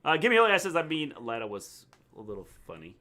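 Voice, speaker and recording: A man's voice: on the high side, huge pitch swings, fairly quick, crowd noise. An American man co-hosting a casual livestream, reading out viewer comments and jokingly echoing his co-host. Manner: jokey, echoes his co-host's words.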